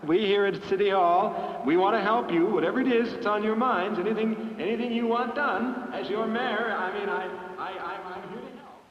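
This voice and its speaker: A man's voice: high-pitched, moderate pace, breathy edge, lo-fi sound. A man voicing a flustered, stammering mayor in a vintage cartoon. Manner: stammering, panicky. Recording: distant reverberant old film soundtrack.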